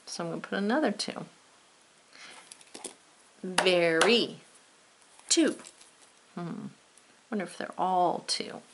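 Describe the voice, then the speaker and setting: A woman's voice: fairly low pitch, takes it slowly, pauses often, background noise. A woman teacher giving a spelling lesson to children, playful and drawn out, with teasing asides.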